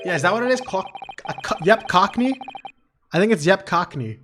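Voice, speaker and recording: A man's voice: sits high, lively intonation, fairly quick, fairly bright tone, slight background noise. A man streaming a game, chatting loosely and self-mockingly, swearing often. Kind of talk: casual game let's-play commentary. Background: background music.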